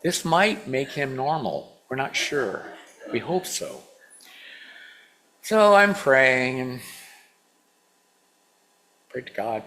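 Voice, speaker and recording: A guest speaker in his sixties from Washington State delivers a storytelling sermon to a congregation, posing questions to the audience and acting out his younger self. His mid-range voice is very animated and a bit bright, with a slow pace and long pauses.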